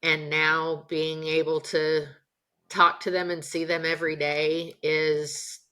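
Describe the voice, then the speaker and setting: A middle-aged woman speaks as an interview guest, slowly and with hesitation. Her voice is low but has a bright edge, and she pauses to reflect as she talks. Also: little pitch movement, clear, resonant tone. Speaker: guest author.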